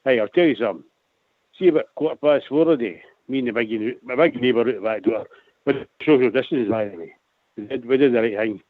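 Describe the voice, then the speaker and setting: A man phoning in to a radio show, excitable, tripping over and repeating his words. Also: medium pitch, brisk, no echo. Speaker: caller. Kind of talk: casual call-in chat. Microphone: phone. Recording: tinny phone line.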